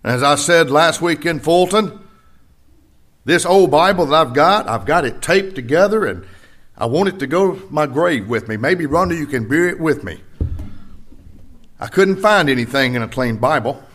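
An older man preaching a sermon to his congregation, swinging between rising emphasis and quiet personal stories. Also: on the high side, animated, normal speed. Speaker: pastor.

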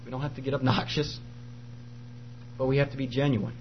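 A man's voice: medium pitch, little pitch movement, a little fast, highs cut off, slight background noise. A man preaching an earnest, emphatic sermon and reading scripture aloud.

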